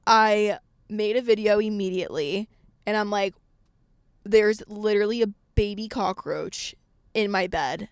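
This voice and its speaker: A young adult woman hosting a podcast, telling a story in a casual, animated way, swearing freely and acting out what she said at the time. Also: mid-range voice, measured pace, pauses often, no room sound, clean studio sound. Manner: animated, swears a lot, acts out her own past lines. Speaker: podcast host.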